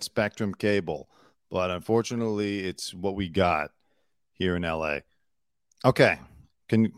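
A man's voice: on the low side, smooth, no echo, studio quality. A man hosting his own commentary show, talking in a chatty, opinionated way with lots of fillers. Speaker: host. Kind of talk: solo news commentary show. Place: home studio in Los Angeles.

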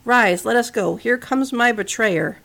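A woman voicing Jesus, a calm and grave man, in a storybook reading with only a light touch of character. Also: on the high side, measured pace, vocal fry. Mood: solemn.

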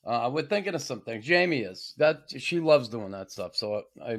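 A man's voice: mid-range voice, expressive, moderate pace, a bit bright. Blunt Boston-accented man. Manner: blunt, profane storyteller. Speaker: podcast host. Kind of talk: casual interview chat.

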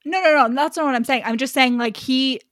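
A woman's voice: high voice, a little fast, fairly bright tone, dry recording, clean studio sound. A woman co-hosting a book podcast, chatting casually with lots of "like" and frequent giggles. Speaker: podcast co-host. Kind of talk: casual book-club chat.

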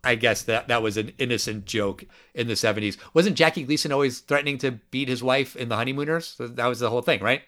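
Animated man co-hosting a movie podcast. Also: medium pitch. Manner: animated, incredulous, quick asides. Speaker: podcast co-host. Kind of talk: casual movie review chat.

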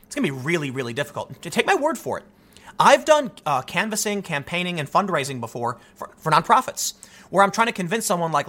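A man giving opinionated video commentary, animated and rambling, with frequent stammered restarts. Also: sits high, quick pace. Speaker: political commentator.

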